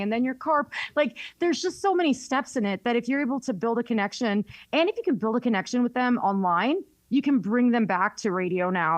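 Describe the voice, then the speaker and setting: A woman's voice: medium pitch, dry recording. A woman radio host with a Southern accent, chatting candidly in an interview and laughing often. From North Carolina, US. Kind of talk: casual interview chat.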